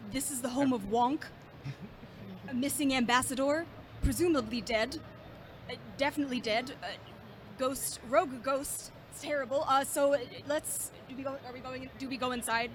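A woman's voice: high voice, normal speed, a little hiss or hum. A woman playing a tabletop game, playful and mock-formal in character. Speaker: player.

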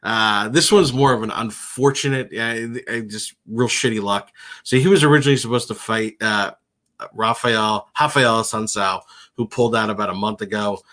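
A man's voice: lowish voice, moderate pace, sharp tone. A man co-hosting a sports radio show in casual chat, with dry, laconic replies. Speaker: podcast co-host.

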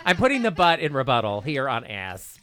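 A man's voice: mid-range voice, big pitch swings, a little fast, sharp tone. A man chatting as a podcast guest, rambling and gossipy with self-mocking humor. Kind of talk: casual comedic chat.

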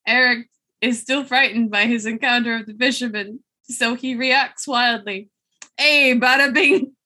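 Bright, giggly woman improvising a story. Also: fairly high pitch, fairly even intonation. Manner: giggly, halting narration.

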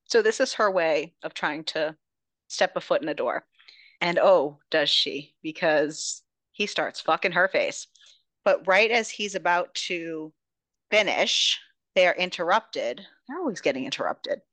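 A woman's voice: on the low side, animated, unhurried, fairly bright tone, no room sound. A woman hosting a podcast, casually and animatedly recapping a romance novel, swearing freely. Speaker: podcast host.

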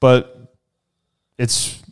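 Sarcastic, swearing man recapping a movie. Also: very slow. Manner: profane, sarcastic storyteller. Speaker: podcast co-host. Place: live show at a theater.

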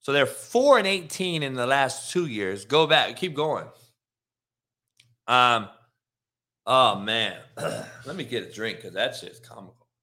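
Coach guy ranting, swears a ton, mocking, bright punchy voice that jumps all over. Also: medium pitch, lively intonation, slow, long pauses. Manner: blunt and mocking, swears often. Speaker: football coach and show host. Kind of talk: casual profane rant.

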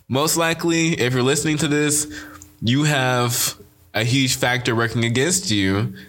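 A man's voice: medium pitch, a bit bright. A young man hosts his own podcast, rambling through a casual solo monologue. His mid-range voice carries a playful, preachy, jokey energy, like a motivational rant that never takes itself too seriously. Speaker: podcast host.

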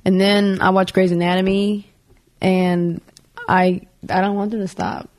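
A woman's voice: mid-range voice, flat delivery, measured pace, a little mellow, a little hiss or hum. A woman poet, a podcast guest who rambles casually, full of "like" and giggles. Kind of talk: casual interview chat.

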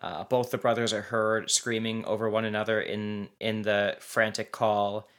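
A man co-hosts a casual true-crime podcast in a bright, forward voice. He rambles in a chatty way, full of fillers and restarts. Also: lowish voice, flat delivery, normal speed. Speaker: podcast co-host.

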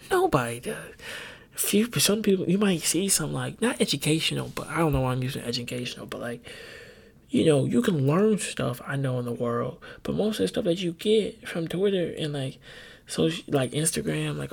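A man hosting a podcast, ranting in a casual, profane, rambling monologue with sudden high-pitched outbursts. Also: creaky, a little mellow. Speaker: podcast host.

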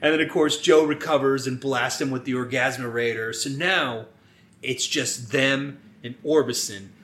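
A man co-hosting a podcast in casual chat, animated and swearing as he acts out lines from a movie. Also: mid-range voice, normal speed, echoey room. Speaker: podcast co-host.

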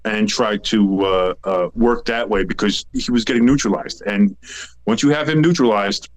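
A man co-hosting a sports podcast, talking in an animated, rambling, jokey way. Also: fairly low pitch, normal speed. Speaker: podcast co-host. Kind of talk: casual sports chat.

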